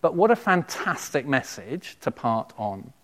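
A man, a pastor giving a sermon in a church, earnest and measured. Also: medium pitch, big pitch swings, fairly bright tone. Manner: earnest, measured preaching with quotations read aloud.

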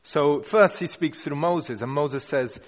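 A man's voice: fairly high pitch, unhurried. A man giving an informal sermon, talking through a passage in a conversational, unpolished way, often restarting phrases. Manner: conversational and unpolished, with frequent restarts and hedging words. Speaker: preacher. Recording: long hall reverb.

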